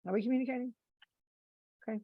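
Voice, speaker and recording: A woman teaching Buddhist philosophy to a live class, animated, swinging from loud emphatic bursts to soft asides and acting out little quoted voices. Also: on the high side, fast, no echo, phone-quality sound. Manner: acts out little quoted voices to make a point. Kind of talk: dharma talk to a live class.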